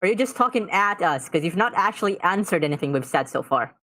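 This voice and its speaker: A woman's voice: lowish voice, lively intonation, quick pace, fairly bright tone. A woman playing a tabletop game over a voice call mic, blunt and quizzical, swearing often. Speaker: player.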